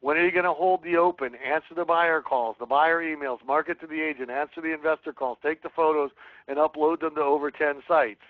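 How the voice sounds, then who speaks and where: A man's voice: fairly high pitch, fairly even intonation, a little fast, no room sound. A man teaching a real estate sales webinar, coaching earnestly and reading sample phone scripts aloud. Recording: tinny phone-like line.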